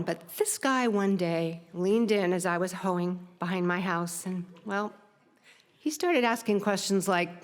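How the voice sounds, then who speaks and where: A woman's voice: mid-range voice, measured pace. Woman telling a stage story in a reverberant hall. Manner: lively, self-mocking, laughing at her own tale. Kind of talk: personal story told on stage. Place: theater stage.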